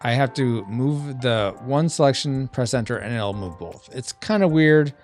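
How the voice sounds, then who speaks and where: Streamer host, man, chatty and animated, playful asides, faint music bed. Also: medium pitch, unhurried. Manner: thinks aloud, reads chat, playful sound effects. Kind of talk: casual live-stream chat while drawing.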